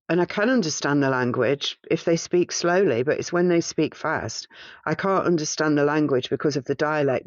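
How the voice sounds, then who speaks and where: A man with a fairly high voice recounts a past-life regression in the first person, halting and hesitant as he searches for words. The recording is slightly muffled but has no echo.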